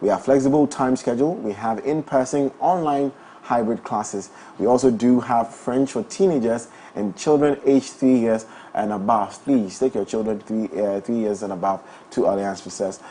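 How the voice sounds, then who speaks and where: A young man hosting a breakfast talk show, playful and quick to laugh, also reading live ads. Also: medium pitch, warm tone. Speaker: morning show host. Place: studio.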